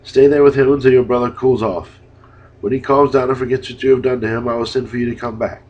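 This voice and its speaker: A man's voice: medium pitch, fairly even intonation, fast talker, darkish tone, lightly acted. A man reading an urgent scheming mother. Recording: dull lo-fi recording.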